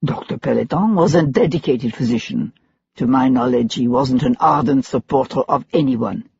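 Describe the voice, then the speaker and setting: A man's voice: mid-range voice, normal speed, creaky, a little mellow, muffled recording, a little hiss or hum, pitched below the performer's own voice, natural voice. A narrator doing a curt French diplomat man. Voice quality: dismissive, clipped.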